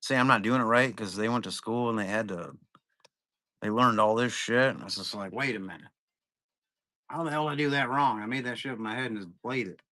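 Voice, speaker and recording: A man's voice: medium pitch, quick pace, bright, forceful tone, no room sound. A young man hosting a live card-break stream, chatting casually in a rambling, profane way.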